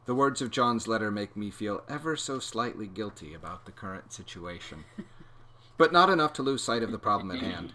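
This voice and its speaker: A man reading a children's book aloud, telling the story in an expressive, animated way. His voice sits low but comes across bright and forceful. He hosts the reading. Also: a little fast. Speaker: read-aloud host.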